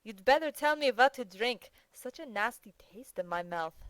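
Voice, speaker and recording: A woman's voice: a little high, expressive, moderate pace, no echo, voice pushed up, rough recording. A rowdy young male officer, woken too early, barks and grumbles in a raised voice, as a woman reader puts him on. The sound is dry and close, with no room around it. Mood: grumpy. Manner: shouted, irritable. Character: sleepy, grumpy young male army officer.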